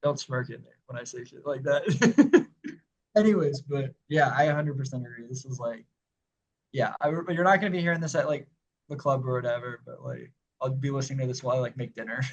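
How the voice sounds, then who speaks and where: Brisk and medium-pitched, a young man co-hosts a podcast of casual music review chat, captured with lo-fi sound. He comes across laid-back and talkative, laughing often and using "like" constantly.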